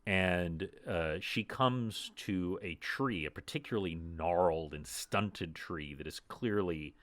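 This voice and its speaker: A man narrating a tabletop game as game master on a podcast microphone, in a relaxed, rambling way with many fillers. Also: deep voice, slow.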